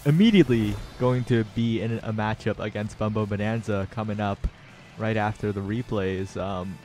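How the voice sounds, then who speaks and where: A man casting a live esports tournament with energetic play-by-play that rises with the action. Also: on the low side, normal speed, a little hiss or hum. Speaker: esports caster.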